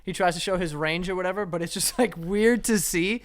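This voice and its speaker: A man's voice: sits high, a little fast, slight background noise. A man co-hosting a podcast, chatting casually and animatedly, laughing often and swearing freely. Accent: New York. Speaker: podcast co-host. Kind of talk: casual chat.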